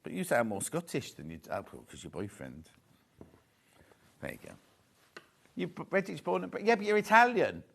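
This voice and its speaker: A man's voice: a little high, very animated, moderate pace, creaky, long pauses, a bit bright, slight background noise. A man presenting a live sewing shopping show, chatting, joking and thinking aloud as he shows products. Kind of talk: live selling chat.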